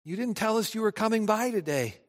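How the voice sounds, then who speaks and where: A woman's voice: medium pitch, expressive, fairly quick, voice pushed up, close to an everyday voice. A male preacher voicing a flustered, eager hostess who gushes her welcome in a raised voice, heard in a reverberant hall. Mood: gushing. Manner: breathless, gushing, over-eager.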